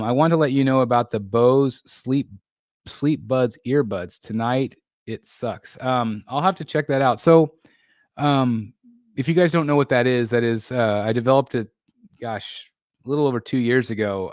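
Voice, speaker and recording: A man's voice: medium pitch, dry recording, studio quality. Chatty man hosting a collector livestream. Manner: rambling, many fillers and restarts. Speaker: livestream host. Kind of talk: casual live chat reading viewer comments.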